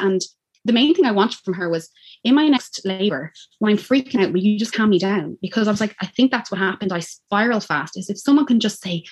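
An Irish woman in her thirties, talking in a lowish voice as a podcast guest. She tells her story in an animated, casual way, slipping into the voices of the people she quotes. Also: breathy edge. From Ireland. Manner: animated, acts out quoted speech, quick laughs. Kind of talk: personal birth story, casual chat.

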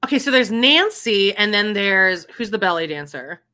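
A woman's voice: medium pitch, animated, normal speed, sharp tone. A woman co-hosting a podcast, chatting casually about TV shows, rambling and laughing often. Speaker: podcast co-host. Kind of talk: casual chat.

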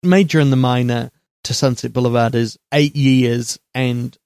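Guy hosting a movie podcast, mid pitch, chatty and jokey, dry sound. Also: steady tone, a little mellow, clean tone, no echo. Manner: chatty, quick asides and jokes. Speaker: podcast host. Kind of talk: casual film discussion.

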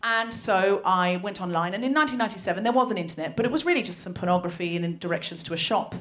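A woman's voice: medium pitch, quick pace. An Australian woman of about forty doing a stand-up comedy set on a live stage, telling a story with animation and acting out the people she quotes. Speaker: comedian and host. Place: live venue before an audience.

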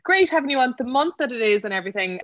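A woman's voice: a little high, sing-song, very fast, no echo, highs cut off. A woman co-hosting a podcast, chatting casually with rambling, filler-heavy questions. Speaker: podcast co-host.

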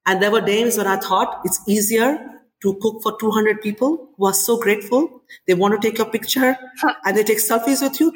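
A woman in her forties, a chef and restaurant owner, talking in an interview in an animated storytelling way with many "you know"s. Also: medium pitch, moderate pace. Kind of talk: interview conversation. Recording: echoey room with long reverb.

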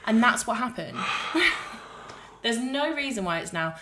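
A woman's voice: on the high side, lively intonation, a little slow, pushed and bright, a little hiss or hum. A young woman co-hosting a podcast, chatting casually, giggly and teasing. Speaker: podcast co-host. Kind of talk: casual chat.

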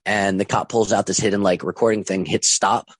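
A young man telling his own story casually, halting with many ums and restarts and acting out what others said. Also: on the low side, steady tone, slightly rough. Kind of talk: casual first-person storytelling.

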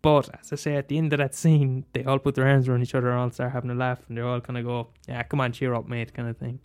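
A man talking casually and passionately about films, swearing freely and jumping up into high exclaims. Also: completely flat delivery, racing, darkish tone, clear, resonant tone. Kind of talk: casual film chat.

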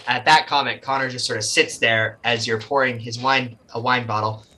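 A man's voice: mid-range voice, fairly even intonation, moderate pace, pushed and bright. A man narrating a tabletop game as game master, casual with lots of fillers.

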